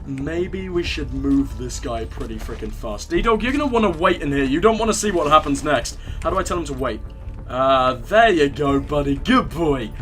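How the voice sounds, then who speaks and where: High-voiced joking young man gaming. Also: lively intonation, normal speed, few pauses, a bit bright, faint music behind. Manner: joking, irreverent, talks to game characters. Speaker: let's play gamer. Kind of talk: casual gameplay commentary.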